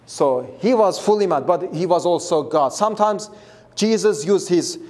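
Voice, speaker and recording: A man's voice: sits high, animated, moderate pace, darkish tone. A man preaching a Bible lesson in an earnest, emphatic way, repeating himself and restarting phrases as he explains. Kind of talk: Bible teaching.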